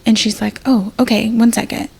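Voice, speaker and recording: A woman's voice: fairly high pitch, little pitch movement, moderate pace, vocal fry, a little mellow, breathy edge. A woman, an emergency nurse, telling a personal story as a podcast guest in a casual, rambling way, acting out what people said. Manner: rambling, full of fillers and acted-out quotes.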